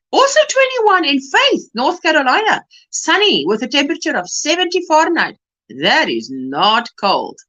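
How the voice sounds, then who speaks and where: Lively high-voiced woman chatting on a livestream. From South Africa. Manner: chatty, greets viewers warmly by name; reads weather reports aloud. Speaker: livestream host. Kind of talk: casual chat reading comments aloud.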